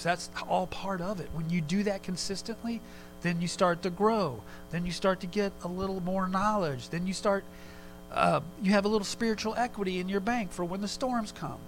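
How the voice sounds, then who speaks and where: A man preaching a sermon in a relaxed, conversational way, telling a personal story with quick asides. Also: sits high, a little hiss or hum, rough recording. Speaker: pastor.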